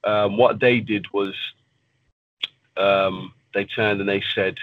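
A man's voice: lowish voice, steady tone, takes it slowly, slight background noise. Blunt fighter man, lo-fi radio sound. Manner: blunt, swears freely. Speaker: pro fighter guest. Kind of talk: casual interview talk.

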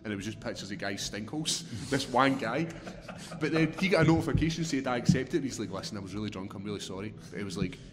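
Fast-talking Scottish man on a podcast. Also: on the low side, long reverb tail, crowd noise. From Scotland. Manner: swearing, laughing, animated storytelling. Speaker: podcast guest, fighter. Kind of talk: casual podcast chat.

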